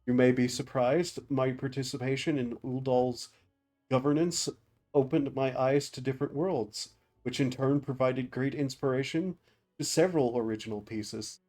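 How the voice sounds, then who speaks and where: A man's voice: medium pitch, steady tone, a little mellow, lightly acted. A man reading as a refined merchant goldsmith. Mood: composed. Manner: measured, formal, reasoning.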